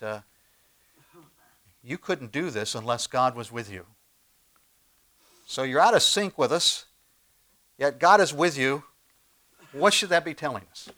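A male pastor delivering a sermon in an animated, conversational way. He leans into loud emphatic phrases, then drops to quiet asides and throws rhetorical questions at the congregation. His voice sits at an ordinary middle pitch for a man. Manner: animated preaching with big swings in loudness and pace.

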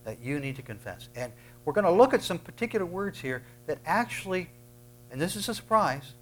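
A man's voice: a little high, poor audio. A man preaching a sermon, emphatic, punching out commands and often repeating words as he starts a thought. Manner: emphatic, bursts loud on commands.

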